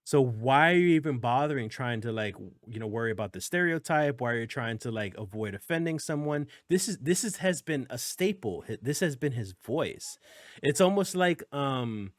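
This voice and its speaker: A man's voice: mid-range voice, lively intonation, normal speed, no room sound, clean studio sound. A man hosting a casual gaming news podcast, rambling and restarting as he talks things through. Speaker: podcast host.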